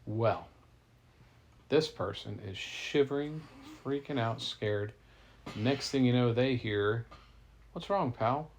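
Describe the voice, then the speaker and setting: Man with a gravelly voice, playful rambling bedtime storyteller, middle pitch. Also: takes it slowly, a little mellow. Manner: playful, rambling, easily corrected. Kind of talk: improvised bedtime story to a child.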